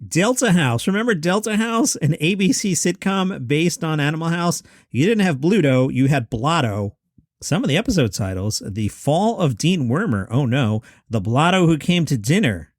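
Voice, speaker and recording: A man's voice: fairly high pitch, no echo, clean studio sound. A man in his fifties hosting a solo podcast at home, chatting wryly through lists of movies. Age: 50s. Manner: chatty, wry asides and quick lists. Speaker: podcast host. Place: home room.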